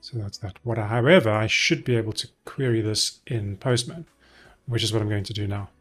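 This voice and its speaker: Husky man thinking aloud while coding. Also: fairly low pitch, brisk, fairly bright tone, faint music behind. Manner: thinking aloud, many ums and self-corrections. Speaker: developer live-streaming a coding session. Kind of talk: casual live-coding walkthrough.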